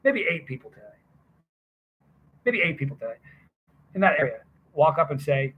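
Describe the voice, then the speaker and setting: A man's voice: a little high, very animated, normal speed, breathy edge, phone-quality sound. Chatty man live streaming from a festival. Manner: rambling, greets chat viewers by name. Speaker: hot sauce live streamer. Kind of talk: casual live stream chat with viewers. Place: hot sauce festival booth.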